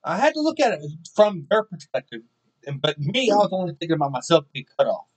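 A man tells a frank personal story in a sermon, poking fun at himself as he goes. His voice sits a bit high for a man. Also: animated, brisk, rough recording. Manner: candid, self-mocking storytelling.

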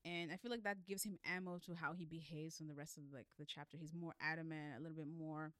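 A woman's voice: low-pitched, steady tone, quick pace, a bit bright, clear, resonant tone, no echo. A woman in a casual chat recapping a novel with her co-host, laughing often and acting out the characters' lines. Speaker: book club podcast co-host.

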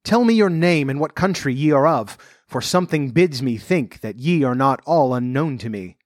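A man's voice: mid-range voice, lively intonation, normal speed, no echo, lightly acted. Guy reading as a proud hurt old-timey king, commanding, archaic talk, dry close sound. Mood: searching. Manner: archaic courtly speech, commanding. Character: proud wounded medieval king, male, adult. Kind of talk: audiobook reading.

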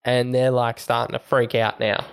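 A man's voice: mid-range voice, level tone, normal speed, vocal fry, clear, resonant tone. A man co-hosting a podcast, chatting casually and retelling movie scenes. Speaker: podcast co-host. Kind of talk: casual film discussion.

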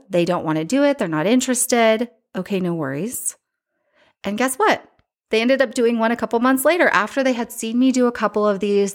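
A young woman talking casually and candidly, sharing advice on growing a social media following. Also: mid-range voice. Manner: chatty and candid, acts out her own inner voice. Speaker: social media creator giving tips.

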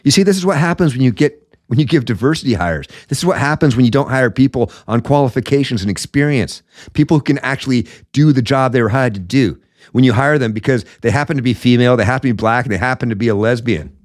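A man's voice: mid-range voice, fast, dry recording, clean studio sound. A man hosting his own political commentary show, blunt and emphatic, calling it as he sees it between frequent fillers. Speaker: podcast host.

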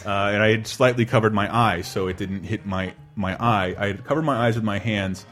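A man in his thirties casually telling a long personal story on a podcast, animated and laughing, acting out quotes in a high voice. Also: brisk, faint music behind. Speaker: podcast co-host.

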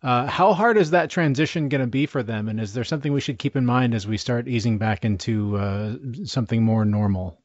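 A man hosting an interview, asking a question in a measured, slightly halting way. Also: medium pitch, dry recording, dull audio. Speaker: host.

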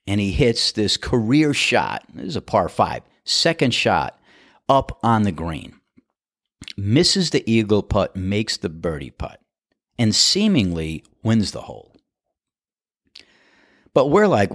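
Casting note: man, low voice, very animated delivery, casual golf yarn, chuckles through it. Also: measured pace, dry recording, studio quality. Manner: animated storytelling, acts out quotes with laughs. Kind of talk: casual anecdote.

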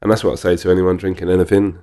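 A man's voice: low-pitched, flat delivery, very fast, warm tone. A young Englishman from Cambridge, a bar owner, chatting in a laid-back way as a podcast guest. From England. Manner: laid-back, chatty, says "mate" and "quality". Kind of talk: casual podcast chat.

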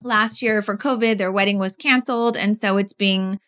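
A woman co-hosting a podcast in casual chat, animated and acting out quotes. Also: mid-range voice, normal speed. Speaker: podcast co-host.

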